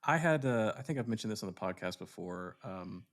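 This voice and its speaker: A man's voice: on the low side, animated, fairly quick. A man co-hosting a casual podcast, a theatre director who talks in a reflective way and often restarts his sentences while looking for words. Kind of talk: casual chat.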